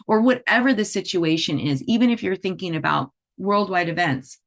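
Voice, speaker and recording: Low-pitched middle-aged woman, casual teacher who talks things through with the listener. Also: normal speed. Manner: chatty, with frequent "you know" and "right?" asides. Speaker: animal Reiki teacher. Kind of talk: conversational teaching talk.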